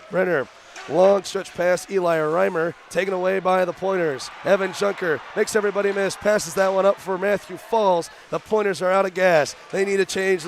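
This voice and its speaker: A young man doing radio play-by-play for a college hockey game, rattling off rapid calls that rise into shouts on shots. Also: high voice, vocal fry, a little hiss or hum. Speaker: play-by-play announcer. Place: arena broadcast booth.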